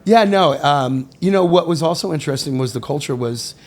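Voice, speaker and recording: A middle-aged man, a guest on a podcast, telling stories in a casual, animated way, acting out the voices of people he quotes and swearing now and then. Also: a little high, fairly quick. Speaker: podcast guest, sommelier and winemaker. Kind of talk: casual storytelling interview.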